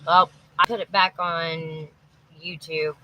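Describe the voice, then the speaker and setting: A woman's voice: sits low, flat delivery, takes it slowly, background noise. An exhausted, anxious woman rambling through a live-stream monologue, restarting her sentences as she goes. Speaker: livestreamer. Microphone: phone or webcam livestream.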